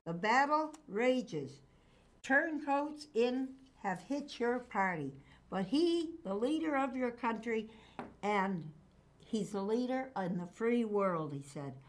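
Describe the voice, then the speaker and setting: Fervent woman preaching, fairly high voice. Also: lively intonation, slow pace. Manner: fervent, emphatic, relays divine speech. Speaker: preacher relaying prophecy. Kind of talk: live-streamed prophetic preaching.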